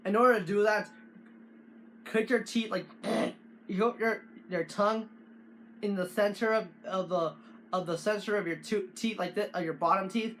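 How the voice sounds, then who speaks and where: A man hosting a casual how-to video, talking in halting bursts with frequent restarts and fillers. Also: high voice, steady tone, a bit bright, a little hiss or hum. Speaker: tutorial host.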